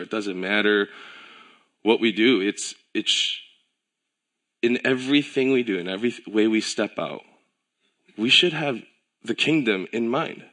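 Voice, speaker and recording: Bright-voiced man preaching casually. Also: fairly low pitch. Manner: relaxed storytelling with filler words and self-corrections; animated, acts out quoted voices. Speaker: pastor. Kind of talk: casual conversational sermon.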